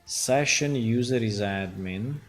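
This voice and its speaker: A man's voice: fairly low pitch, slow, soft background music. A man with an Italian accent, a game developer who thinks aloud while coding on a live stream and keeps checking in with "right?".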